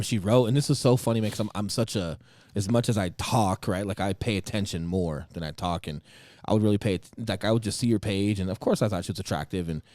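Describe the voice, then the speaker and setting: A male podcast host telling a story in casual chat, animated, laughing often and swearing casually. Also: lowish voice, dry recording.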